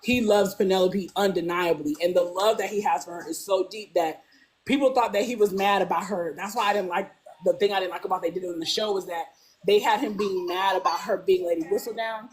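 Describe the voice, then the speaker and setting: A woman talking casually as a guest, animated, acting out characters' lines and saying "like" constantly. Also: brisk, a little hiss or hum. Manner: animated, acts out characters' lines with big pitch jumps; peppers speech with "like". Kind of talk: casual fan discussion.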